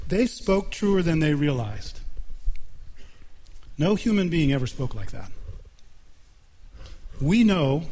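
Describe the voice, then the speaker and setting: Male pastor, mid-high voice, earnest emphatic sermon delivery. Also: a little mellow, a little hiss or hum. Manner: earnest preaching with emphatic repetition. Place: church.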